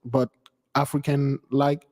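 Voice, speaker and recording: On his spiritual channel, a man gives relaxed live commentary to listeners he calls beloved, using a medium-pitched, darkish voice, flat and slow. His speech carries a long reverb tail and is repetitive, stammering and full of restarts.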